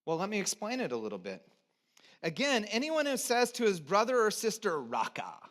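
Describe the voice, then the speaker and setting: A man preaching a sermon as pastor, talking conversationally to the congregation and swinging between loud emphasis and quiet, low asides. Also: big pitch swings, brisk. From United States (Texas, California). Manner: conversational, invites congregation to repeat words.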